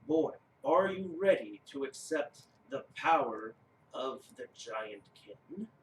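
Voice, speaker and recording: A man voicing a solemn old male giant who carves runes, speaking slowly and gravely. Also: mid-range voice, expressive, reverberant, far from the mic, slight background noise, low-quality recording. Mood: stern. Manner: slow, grave, measured.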